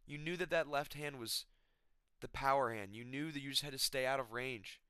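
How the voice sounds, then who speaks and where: Man ranting, bright and dry. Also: medium pitch, moderate pace, smooth, no echo. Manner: exasperated, swearing, repeating himself. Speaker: MMA commentator. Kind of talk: emotional rant. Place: his apartment.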